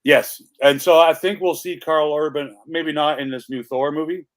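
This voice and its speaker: A man's voice: on the high side, moderate pace. A man co-hosting a livestream, talking casually and rambling with lots of "like" and restarts. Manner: rambling, chatty, full of "like". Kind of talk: casual chat.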